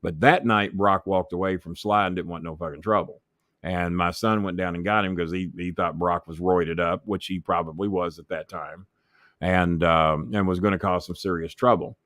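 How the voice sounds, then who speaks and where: A former wrestling manager, appearing as an interview guest, recounts backstage stories, cursing freely and imitating the voices of the people he quotes. His voice is deep and fairly bright, with fairly even intonation and a normal speed, captured in a dry, clean studio recording.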